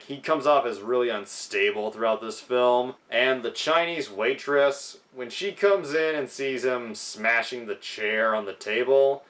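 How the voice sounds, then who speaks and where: A man's voice: mid-range voice, fairly bright tone. A young man reviewing a film in a casual vlog, sounding frustrated as he criticizes it. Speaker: movie reviewer.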